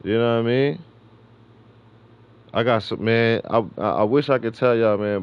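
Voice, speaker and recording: A man's voice: mid-range voice, moderate pace, clear, resonant tone, muffled recording. Middle-aged man, from new york, livestream host, rambling slangy chat, frequent laughter.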